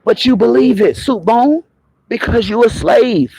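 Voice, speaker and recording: A man with a raspy voice, an online commentator delivering a confrontational, profane, mocking rant on a live stream. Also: very high-pitched, unhurried, darkish tone, no echo, low-quality recording. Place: moving around on the go, patchy signal.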